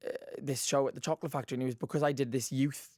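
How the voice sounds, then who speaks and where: A man's voice: mid-range voice, fairly even intonation, racing, mellow, no room sound, studio quality. Chatty young Welsh Valleys man. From Wales. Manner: chatty and gushing, laughs often, many fillers. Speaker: guest actor. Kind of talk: casual radio interview chat. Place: radio studio.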